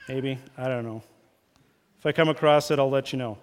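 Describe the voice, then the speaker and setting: Pastor preaching in a reverberant hall. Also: male voice, medium pitch, a little fast, long pauses. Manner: lively, acts out quarrels in raised voices. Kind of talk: sermon. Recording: long church hall reverb.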